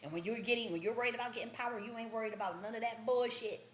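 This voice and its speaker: A woman's voice: on the high side, very fast, a little hiss or hum. Woman livestream host, blunt and profane, rambling monologue; echoey room, faint ambience.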